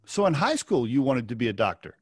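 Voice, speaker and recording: A man hosting a podcast, reading a sponsor intro and then chatting with a guest on a video call, quick to repeat himself and drop affirming okays. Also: medium pitch, sing-song, a little mellow, breathy edge. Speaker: podcast host.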